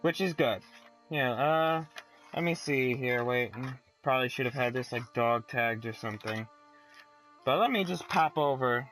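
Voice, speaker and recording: A man's voice: medium pitch, measured pace, fairly bright tone, faint music behind, poor audio. A man hosting a let's play, commenting casually in a profane, rambling way and reading aloud from a magazine.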